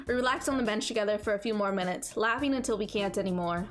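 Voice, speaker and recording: A woman streamer reading a visual novel aloud and riffing on it, animated and playful, repeating phrases for laughs. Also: mid-range voice, fast talker, few pauses, faint music behind. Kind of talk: let's-play commentary and visual novel narration.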